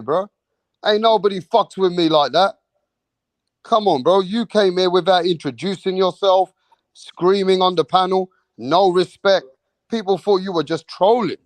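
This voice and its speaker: A man's voice: high voice, no echo. Exasperated profane man ranting. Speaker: host of a live online boxing show. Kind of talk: heated live-stream rant.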